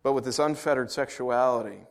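A male pastor preaching a sermon, telling lively stories with frequent restarts and rising excitement. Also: a little fast, gravelly. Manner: animated storytelling, rising pitch and volume in anecdotes, frequent restarts.

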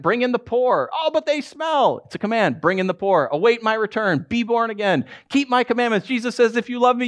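A man, a pastor preaching a sermon with humorous asides and a conversational, animated delivery. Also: high voice.

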